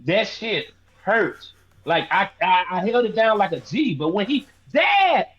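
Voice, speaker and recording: A man in his thirties trades loud, swearing banter as co-host of a sports podcast. His voice sits high and a little husky, and it swings widely in pitch. The recording sounds dull and lo-fi. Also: measured pace. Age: 30s. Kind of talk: casual sports chat.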